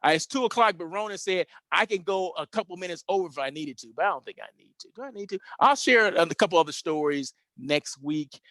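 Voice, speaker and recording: A man's voice: high voice, lively intonation, quick pace, hardly any pauses, fairly bright tone, no room sound. A man hosting a hospitality show, telling stories from his hotel career in a rambling, chatty way with lots of restarts. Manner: rambling, self-correcting, chatty. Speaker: host. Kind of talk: casual storytelling monologue.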